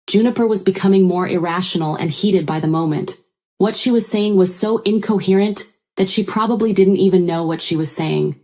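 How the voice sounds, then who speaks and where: Woman narrator, low and mellow, measured first-person storytelling.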